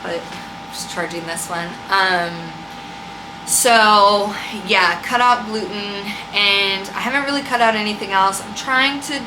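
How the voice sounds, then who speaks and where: A young woman vlogging at home in casual chat, frustrated and rambling, swearing freely. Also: medium pitch. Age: young adult. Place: home room with a loud air conditioner. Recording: echoey room, faint hum.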